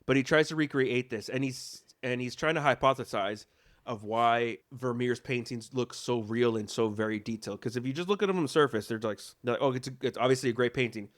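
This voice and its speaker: A young man chats loosely as a podcast host, joking and doubling back on himself. His pitch sits right in the middle for a man. He talks at an easygoing pace. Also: fairly quick. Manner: rambling, joking, self-correcting. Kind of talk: casual chat. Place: home.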